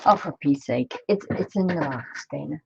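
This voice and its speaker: A woman's voice: low voice, animated, moderate pace, vocal fry, breathy edge, dry recording, lo-fi sound. A woman chatting casually on a crafting livestream, talking to herself as she works and greeting viewers by name.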